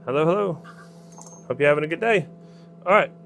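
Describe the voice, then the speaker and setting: A man's voice: fairly high pitch, animated, brisk, vocal fry, a little hiss or hum. A man with a Southern US accent casually talking himself through each step as he works in his workshop. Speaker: workshop maker. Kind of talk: casual narration while working.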